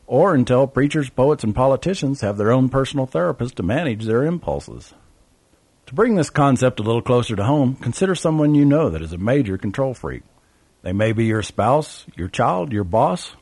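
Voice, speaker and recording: A man's voice: medium pitch, a little mellow, slightly rough, no room sound. A man narrating a travel memoir in a wry, sardonic way.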